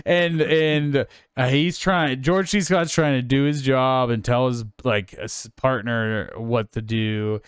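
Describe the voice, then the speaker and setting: A man's voice: medium pitch, a little slow, hardly any pauses, smooth, no echo, studio quality. A man co-hosting a film podcast, chatting casually and enthusiastically, rambling and swearing freely. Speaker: podcast co-host.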